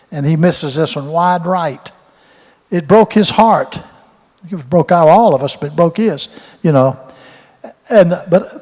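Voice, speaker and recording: In a hall with spacious reverb, an elderly man in his eighties, a former football coach, spins meandering, homespun tales during a Q&A and says things more than once. He speaks in a high, somewhat mellow voice.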